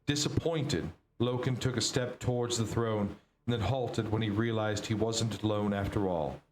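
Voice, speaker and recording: Brief: male reader narrating a novel aloud, steady, mid-pitched, roomy echo, faint background hiss. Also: moderate pace. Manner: steady read-aloud with occasional slips. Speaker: book reader streamer.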